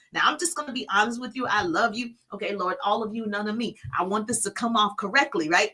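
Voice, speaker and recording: A woman's voice: on the high side, bright, forceful tone. A middle-aged woman business coach hosting a live stream from her phone, energetically hyping viewers by name and teaching.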